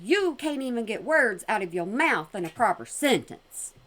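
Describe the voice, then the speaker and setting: Lively, higher-voiced woman; sassy, mocking commentary host. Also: moderate pace. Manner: sassy, mocking, animated with sudden loud jumps. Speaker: commentary vlogger reacting to a clip. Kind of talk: casual commentary.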